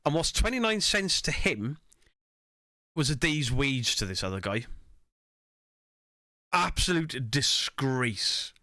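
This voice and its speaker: A man's voice: medium pitch, sing-song, slow pace, pauses often, sharp tone, no room sound, clean studio sound. A man giving casual, sweary reaction commentary on stream clips, laughing and mocking himself.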